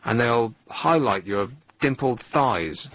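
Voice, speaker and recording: A man's voice: mid-range voice, expressive, takes it slowly, fairly bright tone. A man hosting a radio phone-in, teasing his callers in a dry, sardonic way. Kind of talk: late-night radio phone-in chat. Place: radio studio. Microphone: studio microphone.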